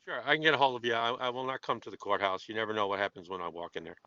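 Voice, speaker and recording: A man speaking on a muffled, lo-fi call line. His low voice is bright and crisp. He talks haltingly, with fillers and restarts, and slips in dry jokes. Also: fairly even intonation. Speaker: EMS council member. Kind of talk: conference-call meeting discussion. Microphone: remote call.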